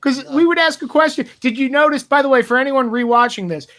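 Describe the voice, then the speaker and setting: A man's voice: extremely high pitch, fast, pushed and bright. Profane rambling male podcast storyteller. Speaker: podcast co-host. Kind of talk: casual podcast chat.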